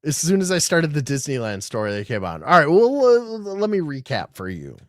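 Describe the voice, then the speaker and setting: A man's voice: a little high, big pitch swings, moderate pace, no echo, studio quality. A man hosting a podcast, reading news articles aloud and riffing on them in an irreverent, swearing, casual way. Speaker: podcast host. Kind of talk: casual livestream commentary.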